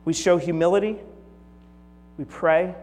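A man in his forties preaching a conversational sermon. He shifts from lively storytelling to soft, hushed prayerful tones. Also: high voice, a little slow. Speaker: pastor. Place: church sanctuary. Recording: long hall reverb with faint mains hum.

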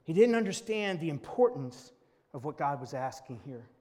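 A man's voice: on the high side, big pitch swings, normal speed, a little mellow. A male pastor preaching a sermon in earnest tones, reading scripture aloud to his congregation. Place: church sanctuary. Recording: long church hall reverb.

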